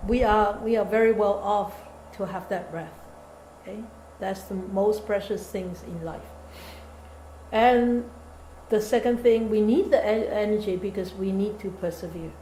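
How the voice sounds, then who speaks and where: A woman meditation teacher gives a dharma talk with a mellow, relaxed tone. She talks in an animated way, quizzing her listeners and acting out the voices in their heads, with slightly non-native English phrasing. The recording has an echoey hall sound and faint room noise. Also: medium pitch. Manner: animated, engaging the audience with questions and quoted inner voices.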